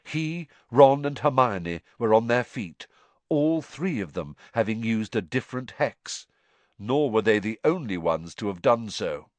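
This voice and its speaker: A man narrating an audiobook in an expressive way, shifting voices for the characters. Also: mid-range voice, a little slow, dry recording.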